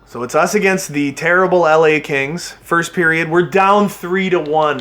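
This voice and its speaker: Man, fairly high voice, excitable hockey game play-by-play, yells at his players. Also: moderate pace. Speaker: gaming channel host. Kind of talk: game commentary.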